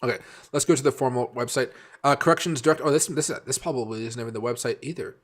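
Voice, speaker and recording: A man's voice: mid-range voice, quick pace. Chatty man hosting a live stream. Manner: rambling, answers viewer chat by name, many fillers. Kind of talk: casual live-stream chat.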